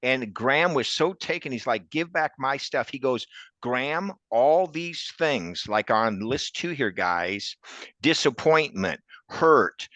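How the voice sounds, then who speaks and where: Brief: male preacher-teacher, animated and emphatic, dry close-miked sound. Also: slow pace, no room sound. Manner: animated, emphatic storyteller with big pitch jumps. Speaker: ministry co-teacher. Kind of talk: preaching with a retold story.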